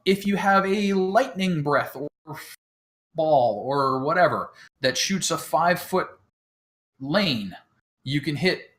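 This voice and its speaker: His voice sits on the high side with a fairly bright tone. As the man running the tabletop game, he talks a lot, makes fun of himself, and explains the rules offhandedly, leaning heavily on ums.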